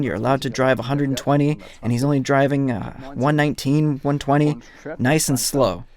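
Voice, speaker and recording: A man with a German accent, a therapist giving a lecture to an audience and acting out little dialogues with patients. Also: mid-range voice. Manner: storytelling, acts out dialogues.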